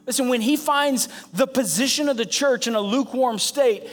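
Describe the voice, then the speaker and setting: A man's voice: very high-pitched, normal speed, hardly any pauses. A man preaching a sermon with passion, repeating phrases for emphasis and building to emphatic peaks. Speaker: pastor. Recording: preaching over background music. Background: soft instrumental music.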